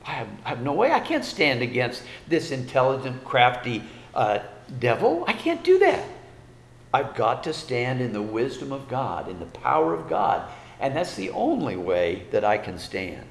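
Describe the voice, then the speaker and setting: A man's voice: mid-range voice, sing-song, moderate pace, roomy sound, big-room sound. A man preaching a sermon as pastor, folksy, with rhetorical questions and repeated phrases.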